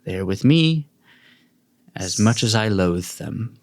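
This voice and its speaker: A man's voice: on the low side, lively intonation, slow, dry recording, clean studio sound. A man voicing a regal male king who is tired of his court, speaking formally. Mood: weary.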